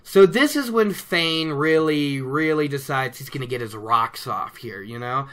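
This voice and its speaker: Animated man recapping a book. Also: medium pitch, measured pace. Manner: animated, laughing, acts out characters' lines. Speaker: book discussion host. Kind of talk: casual book recap chat.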